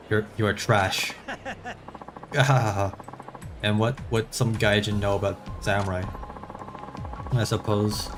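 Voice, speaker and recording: A man's voice: lowish voice, close to an everyday voice. A man voicing a drunk, bullying male samurai thug, with crude, snarling delivery over game music. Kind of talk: reading game dialogue aloud.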